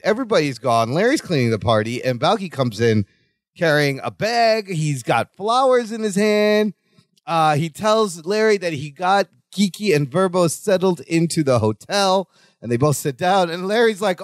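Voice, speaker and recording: A man's voice: sits high, expressive, moderate pace, dry recording, studio quality. A man co-hosting a podcast, playfully chiming in while recapping a sitcom episode. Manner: playful, jokey interjections. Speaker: podcast co-host. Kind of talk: casual recap chat.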